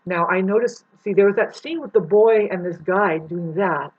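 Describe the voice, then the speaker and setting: A woman's voice: mid-range voice, normal speed, husky, narrow, tinny audio. A woman telling a rambling story in a casual monologue, swearing and acting out the people she describes. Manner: rambling, swears, acts out the people in her story with big voice swings.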